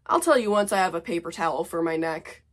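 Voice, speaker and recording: A woman's voice: lowish voice, lively intonation, fast talker. Snarky defiant teen boy; a woman reads him plainly. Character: defiant sarcastic teenage boy.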